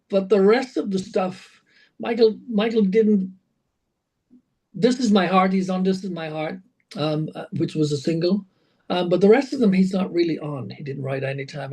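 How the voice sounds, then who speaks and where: A man, a rock singer being interviewed, telling animated anecdotes full of fillers and restarts. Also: high-pitched, normal speed, poor audio. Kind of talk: casual interview storytelling.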